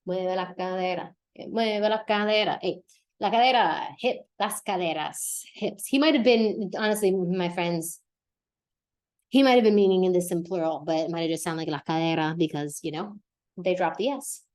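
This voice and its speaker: A young woman hosting a casual podcast lesson, chatty and lively, often laughing and correcting herself as she explains vocabulary. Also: lowish voice, moderate pace. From United States. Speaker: Spanish teacher and podcast host.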